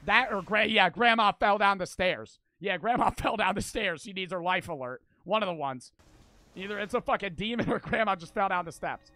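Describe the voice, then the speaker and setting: A young man streaming his reactions to a video, joking loudly and swearing, breaking into laughs and shouts. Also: high-pitched, lively intonation, brisk. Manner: loud, profane, joking, bursts into shouts and laughs. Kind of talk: casual reaction commentary.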